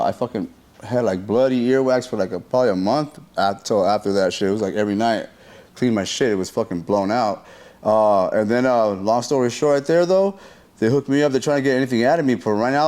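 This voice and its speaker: A man telling a story in a casual interview, using slang and profanity, acting out quoted lines and adding sound effects. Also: mid-range voice. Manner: animated retelling that acts out what people said.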